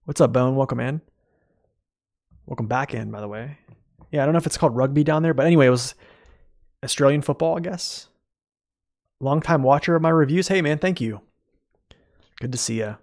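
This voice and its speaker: A man's voice: medium pitch, brisk, long pauses, a little mellow. A young American man chatting casually with his live chat as a streamer, rambling and answering questions. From United States.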